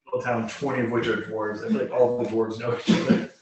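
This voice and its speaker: A man's voice: mid-range voice, level tone, fast, background noise. A man playing a tabletop game, talking chattily and laughing often. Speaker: player. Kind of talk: casual game chat. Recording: very echoey room, far from mic, voices around.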